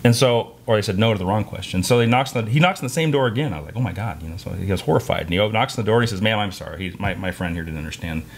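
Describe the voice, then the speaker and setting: A man's voice: lowish voice, expressive, gravelly, slight background noise. A man co-hosting a podcast, chatting casually and telling stories from his working life. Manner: storytelling, quick and chatty. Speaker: podcast co-host, massage therapist. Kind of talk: casual chat.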